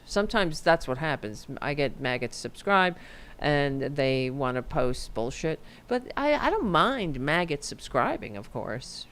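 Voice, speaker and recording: A middle-aged woman hosting a casual political livestream, animated and sarcastic, swearing freely. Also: sits low. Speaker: host.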